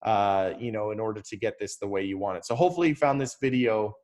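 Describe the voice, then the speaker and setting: A man casually walking through software on a screen share, talking loosely with fillers and restarts. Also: fairly low pitch, quick pace. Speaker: software tutorial presenter.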